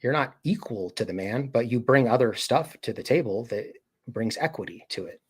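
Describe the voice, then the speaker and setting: A man's voice: mid-range voice, animated, moderate pace, breathy edge. A man hosting a casual live stream, talking to chat in a rambling way, full of fillers and acted-out quotes. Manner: rambling, filler-heavy, acts out quoted voices.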